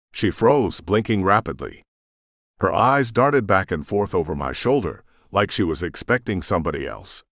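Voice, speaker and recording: A man narrating a romance audiobook in the first person, expressive and brooding. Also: on the low side, normal speed, no room sound, clean studio sound.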